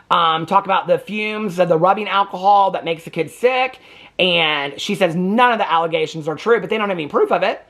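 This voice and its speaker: A man's voice: sits high, fairly bright tone. A man hosting a TV reaction channel, giving opinionated commentary in an indignant, emphatic way and stressing points with a repeated "okay?". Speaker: TV reaction host.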